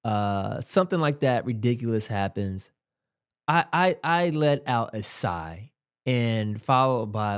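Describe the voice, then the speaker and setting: Slow, lively-toned man reacting casually. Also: medium pitch, smooth. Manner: exasperated, rambling with many fillers. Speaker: host.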